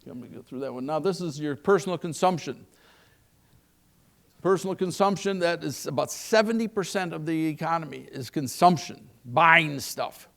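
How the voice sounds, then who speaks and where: A man's voice: a little high, expressive, normal speed, vocal fry, fairly bright tone. An older man giving a live keynote on the economy, folksy and joking, asking the audience questions. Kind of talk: live keynote talk with anecdotes.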